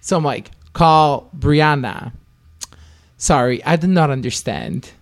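A man with an Italian accent, co-hosting a casual podcast and telling stories with lively mimicry. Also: moderate pace, no echo, studio quality. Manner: animated storyteller, mimics a phone voice high. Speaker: podcast co-host. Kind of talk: casual chat.

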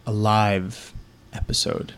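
A man co-hosting a casual podcast, announcing plans to listeners in a relaxed, halting way. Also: on the low side, clean tone. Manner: relaxed, plugs the show with halting restarts. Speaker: podcast co-host. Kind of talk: casual chat.

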